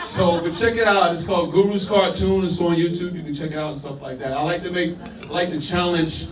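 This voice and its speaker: A man's voice: fairly high pitch, fairly even intonation, brisk. A man performing spoken word poetry live, with punchy declamatory delivery and casual asides to the crowd. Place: live venue with audience. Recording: echoey room, voice from far off.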